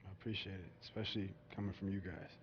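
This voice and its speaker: A man voicing a grieving young basketball player in a video game cutscene, speaking quietly and reflectively in a lowish voice. The audio is dull, with a faint hiss. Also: steady tone, fast talker, natural voice. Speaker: player in a career mode cutscene. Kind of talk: cutscene dialogue.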